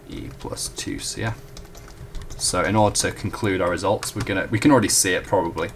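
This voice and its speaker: A young man tutoring at a whiteboard talks casually through a math proof, stopping to correct himself and apologize. His voice is low but a bit bright, and the recording carries a little hiss or hum.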